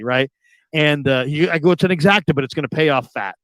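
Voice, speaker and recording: A talk radio host spins a long story in easy conversation, his voice sitting a little high and close to the mic in a dry, dead studio. He leans into every character, jumping up loud whenever he plays someone losing it. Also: fast talker, dry recording. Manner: animated, acts out quoted people with sudden loud high outbursts. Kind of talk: casual storytelling chat.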